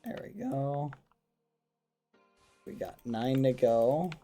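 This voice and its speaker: A man streaming a game, chatting casually and excitedly with his viewers and using wholesome exclamations instead of swearing. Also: medium pitch, slow pace, soft background music. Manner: excitable, talks to his chat. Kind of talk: casual gaming livestream chat.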